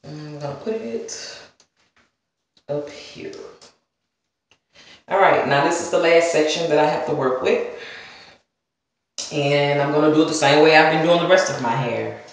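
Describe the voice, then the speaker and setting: A deep-voiced woman from the Southern US talks a little slowly, leaving long pauses, as she rambles casually through a hair-care vlog. Chatty and direct, she calls her viewers "y'all" and "girl." Her recording space is a very echoey room.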